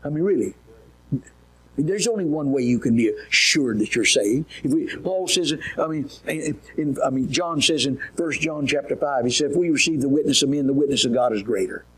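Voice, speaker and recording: Husky preacher, folksy and emphatic. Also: male voice, medium pitch, moderate pace, low-quality recording. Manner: folksy, emphatic, asks the audience questions. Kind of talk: sermon.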